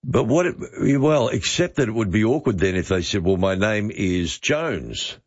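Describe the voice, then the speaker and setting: A man's voice: lowish voice, sing-song, moderate pace, highs cut off. An older man hosting a casual radio chat, talking in a hesitant way with many fillers. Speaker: radio host. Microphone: studio microphone with headphones.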